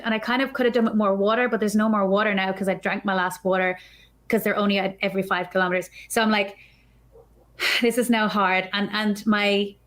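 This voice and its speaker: A woman guest on a podcast, telling a story in a chatty, animated way and acting out her own thoughts. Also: medium pitch. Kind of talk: casual storytelling.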